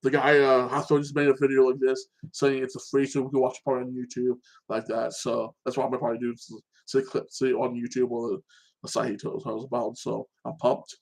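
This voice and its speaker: A man rambles through a casual, unscripted chat about shows he loves. He gets excitable and keeps tacking "like that" onto his thoughts. His voice sits at an ordinary middle pitch. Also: fairly quick. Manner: animated, excitable. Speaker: show host.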